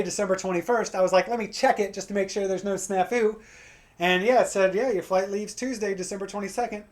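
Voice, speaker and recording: An American man doing a stand-up set, telling a profane, ranting story and acting out his angry phone calls. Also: sits high. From United States. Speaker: stand-up comedian.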